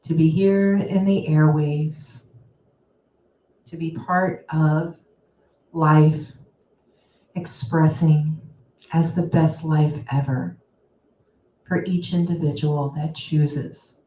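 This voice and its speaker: A woman with a fairly low voice leads a spoken affirmative prayer, very slow and measured, with pauses between phrases. She sits back from the mic in a roomy space with faint hiss, and reverb trails her words. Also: fairly even intonation, warm tone, far from the mic. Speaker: minister leading prayer.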